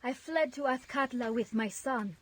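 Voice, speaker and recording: A woman voicing a grieving refugee mother in a fantasy game, speaking formally and gently. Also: high voice, normal speed, close to an everyday voice. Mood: sorrowful. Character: grieving mother, refugee mage from a desert land. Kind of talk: game voice acting.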